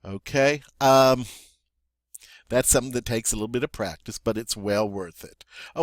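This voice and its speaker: A man's voice: mid-range voice, a little fast, dry recording, studio quality. A man teaching a French pronunciation lesson, patiently repeating words and checking in with "all right?".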